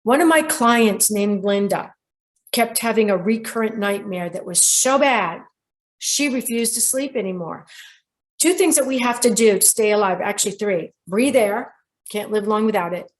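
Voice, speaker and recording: A woman's voice: mid-range voice, normal speed. An older woman hosting a talk show about dreams, telling a client's story and acting out the quoted voices. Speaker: show host, dream expert.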